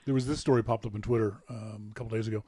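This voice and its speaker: Speaking very fast in a husky, lowish voice, a Canadian podcast co-host tells lively stories and laughs along with them. The recording is clean studio sound with no echo, and the talk is relaxed and playful.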